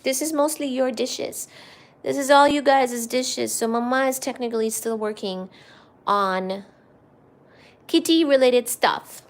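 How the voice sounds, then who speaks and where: Woman host, high voice, slow pace, affectionate pet baby talk at the kitchen sink. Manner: cooing, affectionate, laughing often. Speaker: cat owner and channel host. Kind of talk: casual chat and baby talk to pets. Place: home kitchen.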